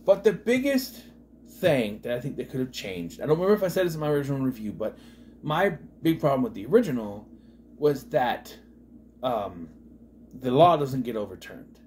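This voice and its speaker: A man's voice: medium pitch, big pitch swings, normal speed, a little mellow, slight background noise. A man giving a casual, rambling movie review, trailing off with lots of asides. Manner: rambling, full of "you know" and restarts.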